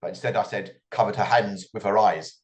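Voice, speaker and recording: A man's voice: lowish voice, fairly even intonation, brisk, a little mellow. A middle-aged man answering as an author guest in an interview, reflective and often repeating his words as he starts a thought.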